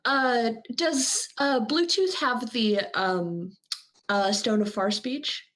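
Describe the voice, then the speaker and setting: A woman's voice: a little high, slow, a bit bright. A woman playing a tabletop game, talking hesitantly with many fillers.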